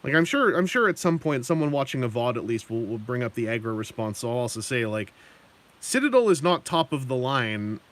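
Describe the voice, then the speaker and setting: Male streamer, lively up-and-down delivery, chatty and meandering while he paints. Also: medium pitch, brisk. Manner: rambling, self-correcting, chuckling asides. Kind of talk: casual live-stream chat.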